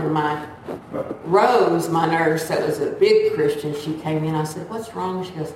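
A woman's voice: low-pitched, a little slow, slight background noise. A woman, chatting through a personal testimony and acting out the voices of the people in it. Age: 70s. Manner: chatty, acts out quoted voices. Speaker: church member sharing a testimony. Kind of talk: casual storytelling testimony. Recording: echoey room, distant mic.

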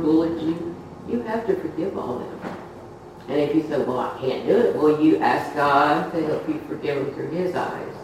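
A woman's voice: sits low, darkish tone, a little hiss or hum. A woman giving an informal testimony sermon to a congregation, a chatty storyteller who laughs through her stories. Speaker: church speaker giving testimony. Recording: echoey hall, far from the mic.

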